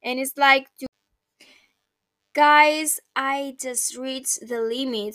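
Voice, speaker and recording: A woman's voice: high-pitched, slow pace, fairly bright tone, no echo. A young woman hosting a personal podcast, talking casually and emotionally, rambling, laughing and swearing now and then. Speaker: podcast host.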